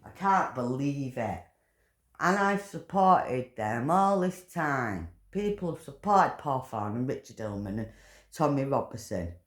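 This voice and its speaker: A woman delivering an angry, profane rant, swearing and shouting in bursts. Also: rumbling low, big pitch swings, measured pace. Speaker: political commentator. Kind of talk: angry ranting monologue.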